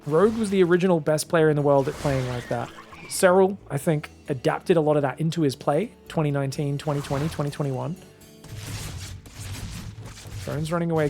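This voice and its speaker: A man's voice: a little high, vocal fry, darkish tone. A man giving solo play-by-play commentary on a strategy game, chatty, explaining the strategy to viewers and calling them "guys". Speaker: esports caster.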